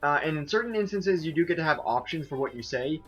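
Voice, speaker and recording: A man's voice: a little high, lively intonation, fast talker, a bit bright, slightly rough, lo-fi sound, faint music behind. A man talks through a video game as he plays, in a loose, rambling way. He pokes fun at himself, restarts his sentences and leans on "like" as filler. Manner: rambling and self-mocking, full of "like" and restarts. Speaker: let's play host. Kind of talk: casual game commentary.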